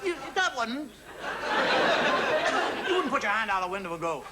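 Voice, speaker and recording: A high-voiced male comedian, very animated and speaking at normal speed, performs over a loud crowd in a television studio. His monologue is conversational and confiding, with little scenes acted out using mimed sounds, and the old recording is noisy with audience laughter.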